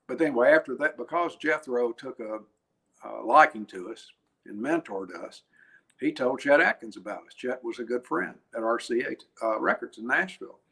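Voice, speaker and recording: A man's voice: medium pitch, gravelly. Older man telling chatty stories. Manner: chatty, animated, laughs, frequent restarts. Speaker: guest musician. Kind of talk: anecdotal interview storytelling.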